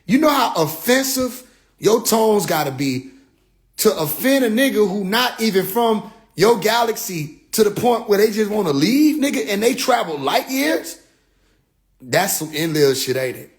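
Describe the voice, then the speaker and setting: A man talking on a casual phone livestream, animated and profane, often mimicking others in low mocking voices. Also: measured pace. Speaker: livestream host.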